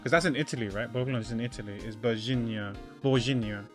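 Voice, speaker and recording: A man's voice: mid-range voice, fast talker. A man streaming a video game, rambling and thinking aloud in casual commentary. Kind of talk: casual let's-play commentary. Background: faint game music.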